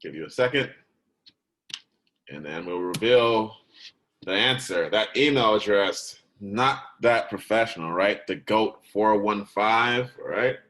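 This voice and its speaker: Low-voiced guy teaching a recorded class, chatty, lots of "right?" and "okay?". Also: slow, fairly bright tone, poor audio. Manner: conversational, keeps asking "right?" and "okay?"; checks in with the listener, stops to correct himself.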